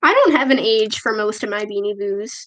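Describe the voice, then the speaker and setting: A woman's voice: medium pitch, animated, a little fast, a bit bright, a little hiss or hum. A female vlogger chatting casually on a livestream, reading viewer comments in a self-deprecating way, recorded on a tablet at home. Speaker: livestream host. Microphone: tablet camera microphone.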